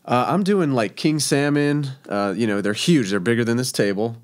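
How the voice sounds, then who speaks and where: A man's voice: medium pitch, moderate pace. A man, a professional chef from Texas, telling stories in a casual interview, chatty and laughing, with many fillers.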